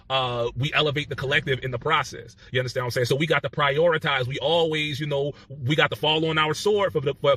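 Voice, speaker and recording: Fast-talking man in a played clip. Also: on the high side, sharp tone, no echo. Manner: fast, with constant "you understand what I'm saying". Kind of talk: casual talk.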